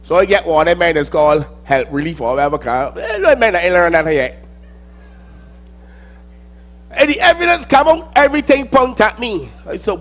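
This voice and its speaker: A man with a Barbadian accent performing a dramatic spoken-word monologue, theatrical and swinging between loud outbursts and low mutters. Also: lively intonation, moderate pace, long pauses.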